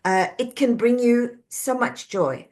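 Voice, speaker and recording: A middle-aged woman, an executive coach and author, talking as a podcast guest, telling animated stories and acting out quoted voices with easy laughter. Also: a little high, slow. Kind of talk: conversational podcast interview.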